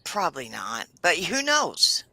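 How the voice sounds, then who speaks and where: A woman's voice: on the low side, huge pitch swings, unhurried, pushed and bright, slight background noise, poor audio. A woman co-hosting a casual livestream, reading out news updates and adding wry comments.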